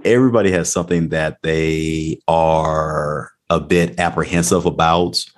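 Deep-voiced joking man chatting. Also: steady tone, unhurried. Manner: joking, crude, laid-back. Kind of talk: casual chat.

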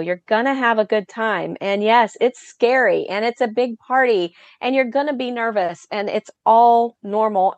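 A woman's voice: mid-range voice, no echo. A woman, an event organizer, being interviewed on a podcast, speaking with a dry, sarcastic sense of humor. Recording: dry, dull lo-fi sound.

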